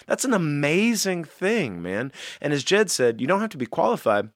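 Lively earnest man, dry mic. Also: a little high, fairly quick, hardly any pauses, no echo. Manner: earnest storytelling, animated. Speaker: podcast co-host. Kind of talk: casual faith podcast chat.

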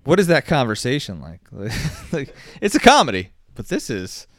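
A man's voice: mid-range voice, wildly swooping pitch, moderate pace, no echo. A man co-hosting a casual movie chat, rambling and joking with some swearing.

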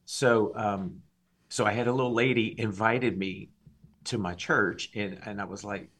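A man from Louisiana, a singer and minister giving his testimony as a podcast guest, animated and acting out the dialogue. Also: on the low side, a little slow. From Louisiana, USA. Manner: animated storyteller, acts out dialogue.

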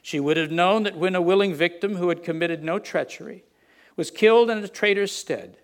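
A preacher reading as a solemn noble lion. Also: male voice, sits high, a little fast, pitched above the performer's own voice, lightly acted.

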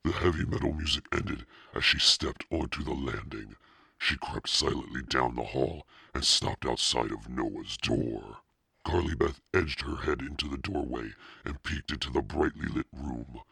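A demonic Satan narrator reads a spooky storybook in a bottomless, gravelly rumble. He drags out every word slowly and menacingly, his breathy rasp sitting close in a completely dry studio. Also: pushed and bright, no room sound, full character voice. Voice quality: extremely deep, gravelly and husky. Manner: slow, menacing storytelling drawl. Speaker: podcast narrator. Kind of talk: scripted narration.

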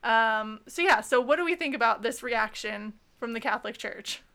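A woman co-hosts a chatty podcast, steering the discussion with a bright, ringing voice that sits fairly high. She laughs often as she talks. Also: moderate pace. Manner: laughs often, leads the segment. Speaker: podcast co-host. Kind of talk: casual podcast chat.

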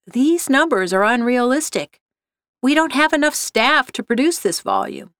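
A woman reads a frustrated male factory supervisor from a storybook, exasperated and complaining. His lines are pitched up and a bit louder, recorded dry and close. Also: animated, moderate pace, no room sound.

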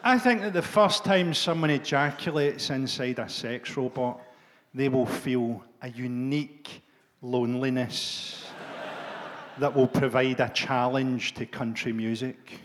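Profane Scottish stand-up comedian. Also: male voice, mid-range voice, slight background noise. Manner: profane, deadpan, quick jabs at the crowd. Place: live comedy venue.

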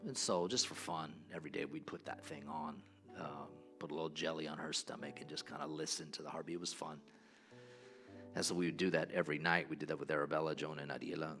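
A pastor preaching a sermon in a church, telling a personal story in an earnest way. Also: male voice, rumbling low, little pitch movement, fast, fairly bright tone, faint music behind.

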